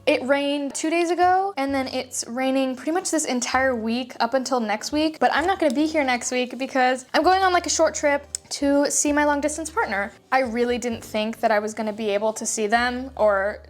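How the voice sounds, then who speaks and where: Young woman vlogger, high voice, chatty and emotional, lots of fillers, faint music underneath. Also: normal speed, few pauses. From Los Angeles. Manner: chatty and emotional, laughs often, many fillers. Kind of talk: casual chat. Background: soft background music.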